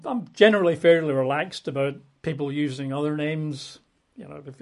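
A man preaching a Bible teaching in a relaxed, conversational way, full of asides and self-corrections. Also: medium pitch.

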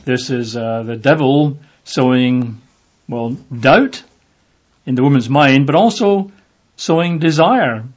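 A man's voice: mid-range voice, slow. Guy preaching casual bible study, lots of uhs, kinda muffled lo-fi audio. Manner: conversational, with many fillers, acts out voices in the reading. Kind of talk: informal Bible teaching. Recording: dull lo-fi audio.

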